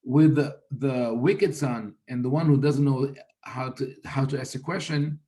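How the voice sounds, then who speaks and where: A rabbi explaining religious texts in a thoughtful, unhurried teaching manner, often restarting sentences and quoting Hebrew. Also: male voice, mid-range voice, fairly even intonation, warm tone.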